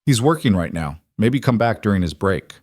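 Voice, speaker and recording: A man's voice: fairly low pitch, very animated, moderate pace, darkish tone. A man voicing a curt, direct food truck owner in a story reading.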